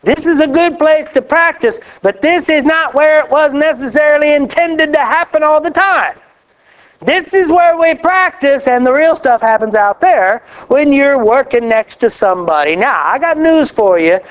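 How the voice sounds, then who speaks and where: A man preaching a sermon in a folksy, animated way, laughing often and rising on exclamations. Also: extremely high pitch, normal speed. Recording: dull lo-fi recording.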